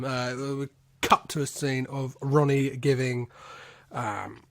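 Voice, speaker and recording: A man's voice: medium pitch, fairly even intonation, takes it slowly, creaky, pauses often. Sweary British man recapping a film. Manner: rambling, sweary, lots of "like" and "um". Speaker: podcast host. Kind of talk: casual film recap podcast.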